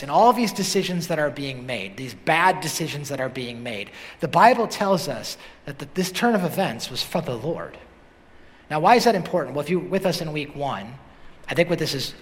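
A man preaching a sermon as pastor, animated and building to emphatic questions. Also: fairly high pitch. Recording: long hall reverb.

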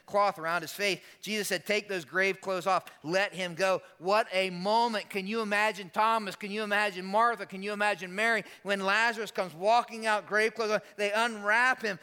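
A man preaching a sermon as pastor, asking rhetorical questions, swinging between hushed and emphatic delivery. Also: sits high, clear, resonant tone. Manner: dynamic preaching with rhetorical questions and dramatic pauses.

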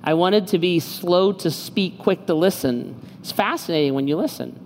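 A man's voice: high-pitched, normal speed, slight background noise. A man preaching a sermon as a pastor, conversational and joking, telling personal stories and asking rhetorical questions. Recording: reverberant hall, faint background ambience.

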